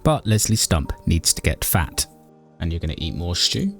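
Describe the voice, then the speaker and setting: Lowish male gaming narrator, deadpan and mock-dramatic, over soft music. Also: normal speed, vocal fry. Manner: dry, mock-dramatic, talks to his character. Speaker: gaming YouTuber narrating a playthrough. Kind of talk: comedic game commentary and narration.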